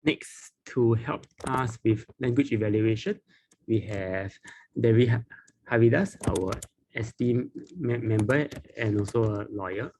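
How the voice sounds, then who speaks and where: A man hosting an online club meeting, introducing speakers in a halting way with restarts and throat clearing. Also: lowish voice, darkish tone, a little hiss or hum. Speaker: meeting host. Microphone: video call.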